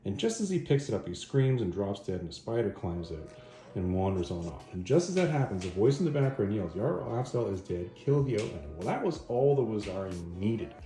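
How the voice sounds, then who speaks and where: A man's voice: lowish voice, sing-song, fairly quick, dark tone. A man hosting a video, casually recapping a comic story with rambling self-corrections. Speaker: video host, comic reviewer. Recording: echoey room.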